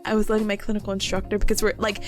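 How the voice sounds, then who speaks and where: A woman's voice: mid-range voice, completely flat delivery, very fast, faint music behind. A young woman from New York chatting casually on a stream, telling a story in a rambling, giggly way.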